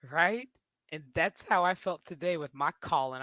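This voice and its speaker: Man, streamer, crude mocking rant, slightly high voice, dry sound. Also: moderate pace, bright, forceful tone, no room sound. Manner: crude, mocking, laughs often. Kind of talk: casual livestream rant.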